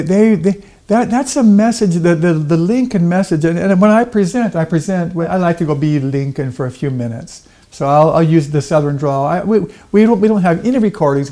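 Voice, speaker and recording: A middle-aged man talking casually in an interview, halting and repeating words with many fillers. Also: on the high side, dark tone. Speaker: guest, Lincoln portrayer.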